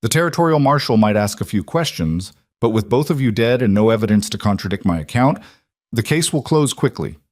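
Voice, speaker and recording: A coolly polite mine boss villain, calm and menacing as he lays out his plans, read by a man. The voice sits low and the sound is dry and close. He stays smooth and unhurried in a western storybook reading. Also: no room sound, natural voice. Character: cold, calculating male villain mine boss.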